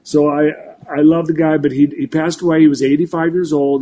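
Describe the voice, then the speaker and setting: Pitched fairly high and moving a little fast, this man's voice belongs to a sixty-something meteorologist guesting on a talk show. His casual chat is animated, and he keeps restarting and repeating himself.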